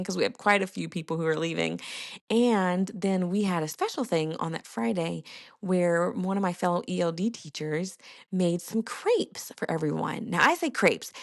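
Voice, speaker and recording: Brief casual podcast host, young woman, fry-heavy low-ish voice, dry close sound. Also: no echo. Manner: chatty storytelling with fillers. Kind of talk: casual chat.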